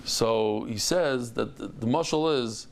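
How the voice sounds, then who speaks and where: A man's voice: mid-range voice, slow pace, vocal fry, slight background noise. A man over fifty teaching a Talmud lesson, telling stories and acting out the dialogue with exclamations.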